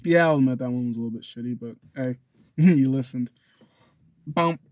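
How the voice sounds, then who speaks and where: A man's voice: medium pitch, moderate pace, highs cut off, background noise. A young man rambling through a loose, profane self-recorded monologue into a phone. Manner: loose and profane, drifts between thoughts.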